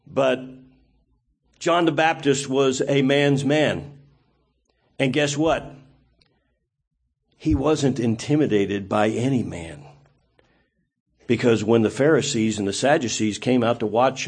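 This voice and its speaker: A man's voice: medium pitch, slow, pauses often, breathy edge. A man preaching a sermon in a conversational style, full of rhetorical questions.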